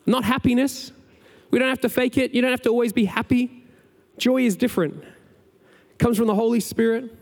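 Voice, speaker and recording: A man preaching a conversational, energetic sermon as pastor. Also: extremely high pitch, normal speed, creaky. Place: church sanctuary. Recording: large hall with long reverb, faint music.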